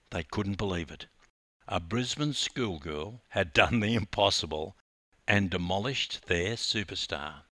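A man's voice: sits low, no room sound. Man, coach-narrator, dramatic memoir delivery, dry close sound. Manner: animated, dramatic retelling that rises in intensity. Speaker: swimming coach.

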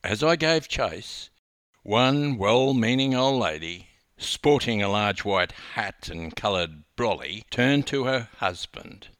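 An older Australian man, a former swim coach, reading his own memoir aloud with wry, animated storytelling. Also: on the low side, takes it slowly, no echo, clean studio sound.

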